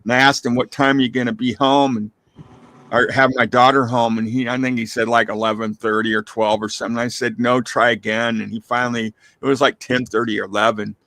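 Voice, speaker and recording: Man telling animated stories on a live stream. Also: mid-range voice, fairly quick, no room sound. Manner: animated storyteller, acts out quoted voices. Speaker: live stream chat participant. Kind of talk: casual chat, storytelling.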